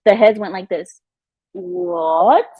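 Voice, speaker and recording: A woman's voice: medium pitch, steady tone, moderate pace, husky, no room sound, phone-quality sound. A woman giving chatty, emphatic commentary on her vlog at home. She often repeats herself and laughs. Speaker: vlogger. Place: at home in her new house.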